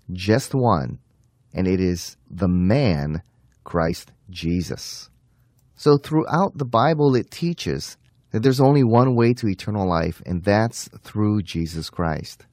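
A man giving an earnest apologetics talk, slowing down to stress key phrases. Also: on the low side, animated, a little mellow, no room sound, studio quality. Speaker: Christian apologist teacher.

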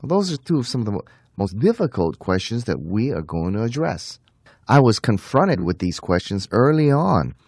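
Earnest man teaching scripture, low voice. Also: big pitch swings, a little mellow, slightly rough, no room sound, clean studio sound. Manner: earnest, emphatic, slows down to stress key phrases. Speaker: Christian apologist teacher. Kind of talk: apologetics teaching talk.

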